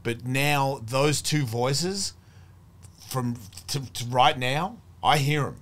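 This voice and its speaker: A man's voice: mid-range voice, slow, fairly bright tone. A middle-aged man telling a long story as a podcast guest, swearing freely and acting out what others said. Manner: profane, rambling, acts out quoted voices. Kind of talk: casual storytelling chat.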